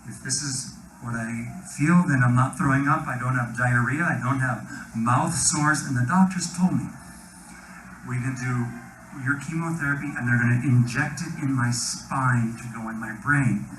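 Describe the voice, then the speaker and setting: A man with an American accent giving an animated personal testimony at a live event, acting out quoted dialogue, swinging between whispers and loud bursts. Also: medium pitch, moderate pace. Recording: roomy hall sound with faint noise.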